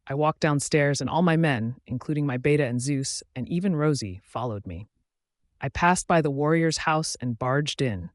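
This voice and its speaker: A man's voice: medium pitch, expressive, normal speed, dry recording, clean studio sound. A man narrating a first-person audiobook in a dramatic, intense storytelling manner.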